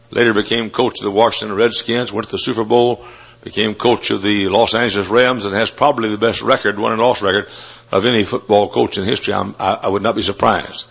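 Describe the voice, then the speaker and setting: A man preaching a sermon, telling stories and rising to loud, fervent shouts. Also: lowish voice, steady tone, fast talker, gravelly, breathy edge. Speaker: Baptist preacher. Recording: dull lo-fi sermon recording.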